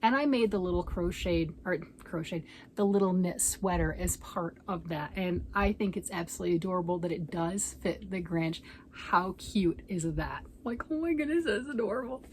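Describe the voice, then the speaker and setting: A woman's voice: lowish voice, moderate pace, slight background noise. A woman vlogger in casual, rambling chat, showing off her craft projects and gushing over them.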